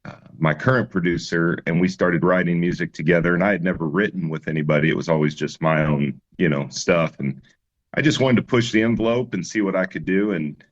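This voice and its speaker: A man's voice: low voice, fairly quick, muffled recording. A man, a musician guest, telling his story in an easygoing interview chat with many fillers and restarts.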